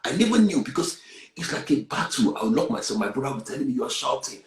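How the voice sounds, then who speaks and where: A man, earnestly sharing a personal testimony and swinging between hushed and loud. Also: mid-range voice, very animated, quick pace, echoey room, low-quality recording. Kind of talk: candid testimony on a talk show.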